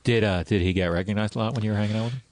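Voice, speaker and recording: A man's voice: lowish voice, rapid-fire, a little mellow, no room sound. A man hosting a casual podcast interview, asking easy questions and dropping dry jokes. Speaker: podcast host.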